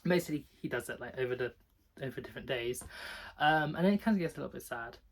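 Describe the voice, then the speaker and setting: Guy, casual book chat, rambling, lots of "like", giggly, mid pitch. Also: quick pace. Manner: rambling, peppered with "like"; chatty and giggly. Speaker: book vlogger.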